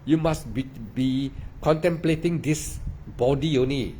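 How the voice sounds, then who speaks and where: Delivering a dharma talk at a measured pace, this meditation teacher has a dark, medium-pitched male voice with a little hiss or hum in the background. He repeats himself emphatically and keeps dropping "ah" and "lah."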